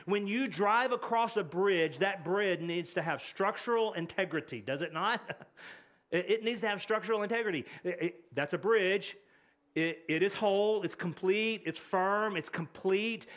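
High-pitched male pastor, earnest and conversational sermon delivery with frequent repetition. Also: a little slow, fairly bright tone. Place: church sanctuary.

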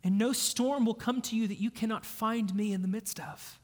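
A man voicing a tender, loving savior who comforts a frightened follower, speaking softly and hushed, with a long hall echo. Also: high-pitched, normal speed.

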